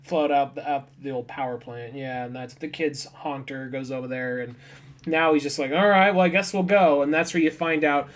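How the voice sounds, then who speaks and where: A man's voice: mid-range voice, fairly even intonation, normal speed. A young man co-hosting a podcast, casually retelling comic scenes and quoting the dialogue. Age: young adult. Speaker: podcast co-host. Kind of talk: casual chat.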